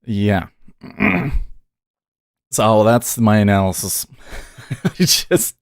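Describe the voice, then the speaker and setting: A man's voice: on the low side, very animated, very slow, creaky, pauses often. A man hosting a day trading livestream, talking casually and exasperatedly, swearing as he rants at the charts. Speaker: day trader streamer.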